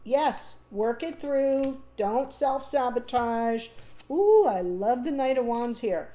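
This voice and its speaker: A woman with a fairly high, mellow, warm voice works through a tarot spread. She talks in an unscripted, reassuring way and pauses to think aloud with ums and restarts. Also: animated, a little hiss or hum. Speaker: tarot reader. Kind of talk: unscripted tarot reading monologue.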